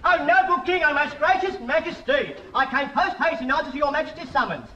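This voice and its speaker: A man playing a fussy, flattering royal tailor who gushes in flowery words in a TV sketch. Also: extremely high pitch, quick pace, crowd noise, noisy background. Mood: fawning. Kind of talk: 1970s TV sketch comedy. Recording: dull, roomy old TV recording with audience laughter.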